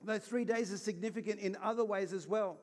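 A man's voice: high-pitched, fairly even intonation, brisk, a little mellow. A man preaching an Easter sermon in an earnest, conversational way, acting out little scenes as he goes. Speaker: pastor.

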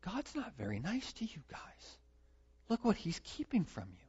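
A man voicing a sly male devil, coaxing in a soft, insinuating half-whisper. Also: medium pitch, very animated, unhurried, slightly rough. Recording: dull lo-fi recording.

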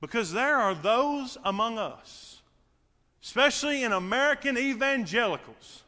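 A man preaching a sermon as pastor in a church sanctuary, swinging from shouting to a quiet, intimate near-whisper. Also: extremely high pitch, lively intonation, unhurried, big-room sound.

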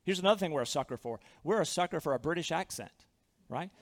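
A Southern man delivers a sermon with a high, ringing voice. He preaches earnestly and with emphasis, doubling back on his phrases, and his words trail off into the long reverb of a big church hall. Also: animated, fast talker. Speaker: pastor.

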